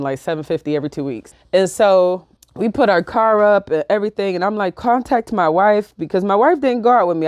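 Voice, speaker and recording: A woman, telling a personal story in a casual, slangy, profane and animated way. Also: fairly low pitch, dry recording, clean studio sound. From New York. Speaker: vlogger.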